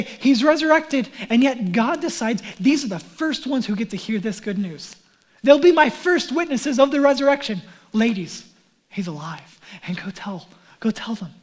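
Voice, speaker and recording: A male pastor preaching an Easter sermon, animated, acting out quoted lines and dropping to near whispers. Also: high voice.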